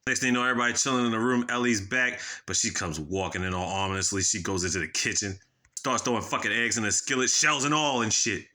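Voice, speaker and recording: A movie reviewer with a lowish, pushed and bright voice talks fast with fairly even intonation. He casually recaps a horror movie's plot with spoilers, rambling and profane, acting out how the characters react.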